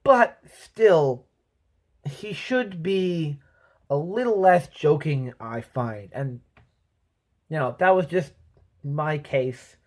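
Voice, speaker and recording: A man's voice: on the high side, lively intonation, takes it slowly, long pauses. A man giving a casual movie review, rambling with lots of "um" and "you know" and acting out sound effects as he talks. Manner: voices sound effects and quotes while telling.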